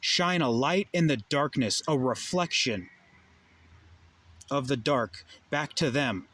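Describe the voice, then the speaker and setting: A man's voice: mid-range voice, lively intonation, slow pace, fairly bright tone. A young adult man delivering a heated, profane monologue full of rhetorical questions. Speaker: vlogger. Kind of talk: ranting monologue.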